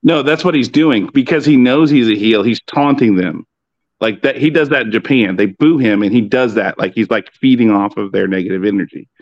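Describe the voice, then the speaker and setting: A man talking in a relaxed, loose way, swearing freely as he explains, with a fairly low voice. The sound is dry and a little dull, like a modest home mic. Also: brisk, no echo. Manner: laid-back, profane, explanatory. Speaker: podcast guest on wrestling. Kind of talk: casual chat.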